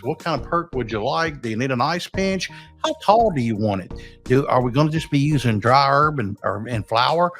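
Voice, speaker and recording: A man, a business coach giving blunt, profane advice in a rambling, casual talk. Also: on the high side.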